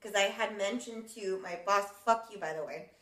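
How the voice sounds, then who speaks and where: A woman's voice: medium pitch, normal speed, fairly bright tone. Woman, casual co-host chat, swears a lot, laughs often, roomy echo.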